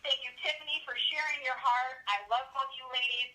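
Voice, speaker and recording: A woman's voice: high voice, steady tone, a little fast, bright, forceful tone, rough recording. A woman guest speaker delivering a motivational pep talk on a team call, her voice dropping at the ends of phrases. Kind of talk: motivational speech.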